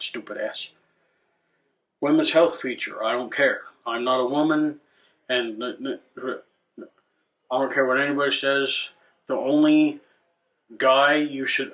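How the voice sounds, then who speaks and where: A channel host with a mid-range, fairly bright voice delivers ranting commentary in a video. He swears a lot, sounds irritated and sarcastic, and restarts his sentences often.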